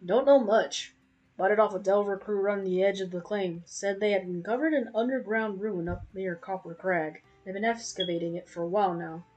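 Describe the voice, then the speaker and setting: A woman voicing an easygoing male merchant in a game, with a put-on American Southern accent and a deep drawl. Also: fairly quick, a little mellow, dull audio, faint music behind, lightly acted.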